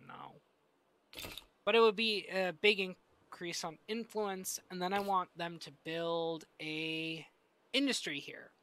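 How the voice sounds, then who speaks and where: A man's voice: sits high, pushed and bright. A man streaming a strategy game, chatting casually and thinking aloud as he plays, into a desk microphone. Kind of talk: casual live-stream commentary.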